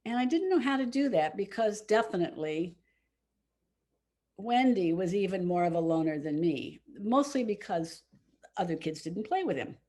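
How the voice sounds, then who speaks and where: A woman's voice: medium pitch, lively intonation, moderate pace, mellow. A woman in her seventies telling a heartfelt personal story to all ages at a church service. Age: 70s. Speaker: congregation member telling a children's story.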